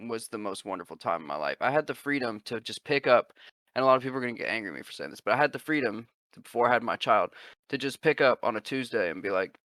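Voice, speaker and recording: A young man hosts a casual podcast chat, cursing often and slipping into characters when he tells a story. His voice is bright and swings widely in pitch. The sound is dry and close. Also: fast talker, no echo. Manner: profane, animated storyteller who acts out quotes. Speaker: podcast host.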